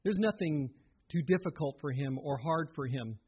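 Husky-voiced man preaching earnestly. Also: fairly high pitch, lively intonation, normal speed, a little mellow, muffled recording. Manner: earnest, conversational preaching with direct questions to listeners. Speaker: pastor. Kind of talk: sermon.

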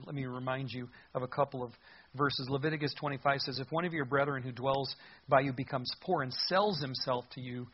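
Husky-voiced man preaching a sermon. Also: mid-range voice. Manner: earnest, conversational, reads scripture aloud. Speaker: pastor. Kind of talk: expository sermon. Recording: dull lo-fi sound.

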